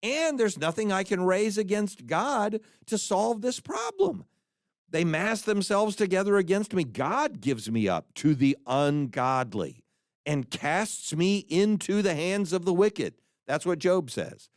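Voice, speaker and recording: A man talks through scripture in an earnest, conversational teaching style, reading passages aloud with real feeling. His voice sits high and swings widely in pitch, and the sound is dry and close with no room around it. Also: a little slow, no echo. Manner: earnest and animated, quoting scripture with feeling, small restarts. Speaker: podcast co-host teaching on scripture.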